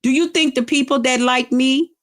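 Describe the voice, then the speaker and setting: Middle-aged woman vlogger, fairly high voice, loud cursing rant, taunting and emphatic delivery. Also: normal speed. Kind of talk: profane on-camera rant.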